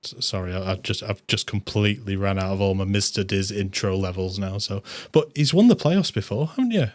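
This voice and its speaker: A man hosting a live online draft show, upbeat and jokey, with quick asides. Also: fairly low pitch, expressive. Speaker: host.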